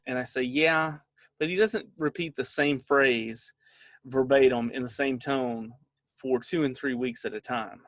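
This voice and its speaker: A man's voice: medium pitch, measured pace, a bit bright, dry recording. A middle-aged man giving a casual training talk to parents, telling stories with lots of filler words. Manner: conversational, storytelling with filler words.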